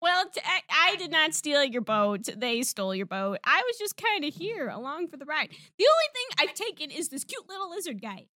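A woman with a very high, bright voice that jumps around as she plays her character in a tabletop role-play. Her banter is playful and giggly, and the sound is dry. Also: sing-song, fairly quick, hardly any pauses, no echo. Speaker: player.

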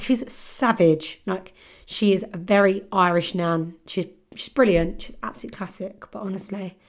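A young woman hosting a podcast, chatty and giggly, telling a story with casual swearing. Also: mid-range voice. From London, England. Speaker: podcast host.

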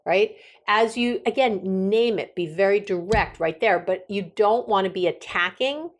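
A woman hosts a relationship advice podcast in a loose, conversational way. She often stops and corrects herself mid-sentence. She acts out little sample dialogues in a voice of middling pitch. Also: a little slow. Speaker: podcast host.

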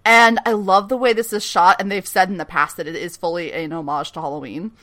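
A woman co-hosts a casual podcast recapping a TV episode, animated and swearing, laughing often and acting out the characters' lines. Her voice is fairly low in pitch and she talks fairly quickly.

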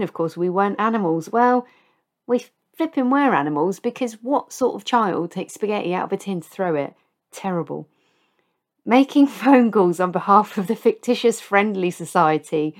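A middle-aged woman hosting a podcast, confessing old misadventures in a casual, self-mocking way and laughing at her own stories. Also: lowish voice. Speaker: podcast host.

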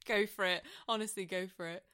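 A woman's voice: mid-range voice, steady tone, a little fast, fairly bright tone, a little hiss or hum. A woman co-hosting a podcast in casual chat, giggly and teasing. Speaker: podcast co-host.

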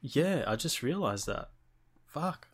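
A man's voice: fairly high pitch, big pitch swings, takes it slowly, husky. A young man chatting casually, blunt and drawling, and swearing constantly. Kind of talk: casual gaming chat.

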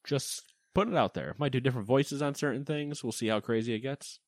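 A man's voice: mid-range voice, brisk, dry recording, clean studio sound. A man co-hosting a casual gaming news podcast, joking around and reading game lists with playful emphasis. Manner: lively, jokey, reads lists with playful emphasis. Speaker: podcast co-host.

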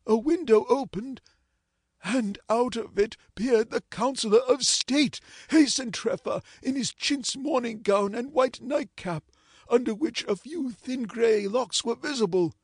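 A man narrating an old ghost story in a measured, dramatic reading. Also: very high-pitched, darkish tone, slightly rough, no echo, studio quality.

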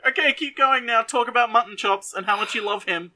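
A man's voice: extremely high pitch, brisk, pushed and bright. A man co-hosting a casual podcast, teasing his partner and cutting in with playful corrections. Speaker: podcast co-host. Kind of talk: casual chat.

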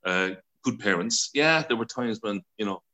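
An Irish man in his sixties, a broadcaster telling stories as an interview guest, chatty and quick to laugh, acting out voices as he goes. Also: on the low side, animated, sharp tone. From Ireland. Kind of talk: casual storytelling interview.

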